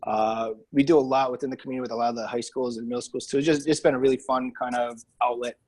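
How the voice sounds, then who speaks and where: A man's voice: mid-range voice, steady tone, racing, darkish tone, rough recording. A man with a New England accent, a business owner talking casually as a podcast guest, with lots of fillers and restarts. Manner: chatty, many fillers and restarts.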